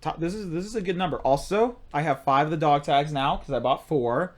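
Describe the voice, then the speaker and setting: A young man co-hosting a podcast, telling stories in casual chat, excitable and rambling. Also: a little high, fairly quick. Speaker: podcast co-host.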